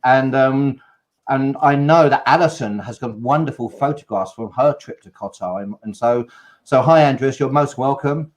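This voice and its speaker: A man's voice: medium pitch, normal speed. A man hosting a live online chat, upbeat and reading out viewer comments. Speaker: host of a live cruise chat. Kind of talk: casual live-stream chat.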